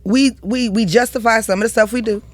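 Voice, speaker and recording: A woman's voice: fairly high pitch, fairly even intonation, brisk, no room sound. A woman speaking as a podcast guest in an emotional conversation, earnest and heartfelt with casual slang.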